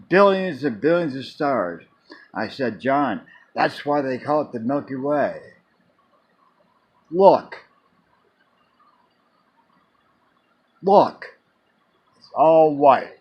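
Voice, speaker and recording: A man's voice: mid-range voice, a bit bright, slightly rough, rough recording. A man casually telling a long personal story in a rambling way, restarting and repeating words as he goes. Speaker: vlogger.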